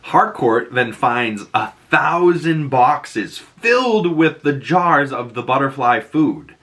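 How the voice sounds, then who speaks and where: A man with a Boston accent talks through a show recap in a loose, animated way. His voice is bright and forward, and he swears freely as he pops into high-pitched impressions of the characters. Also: slow pace. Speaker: pop culture recap host. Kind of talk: casual episode recap.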